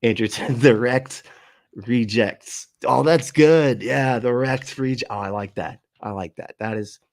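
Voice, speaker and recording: A man's voice: mid-range voice, unhurried, no room sound. A man hosting a livestream, reacting to clips with sarcastic, swearing commentary and frequent laughs. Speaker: livestream host.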